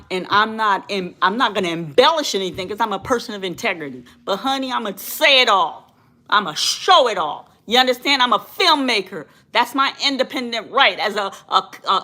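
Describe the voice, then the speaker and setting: Fiery, bright-voiced woman channel host. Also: mid-range voice. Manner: fiery, preachy, repeats phrases for emphasis. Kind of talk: impassioned commentary to viewers.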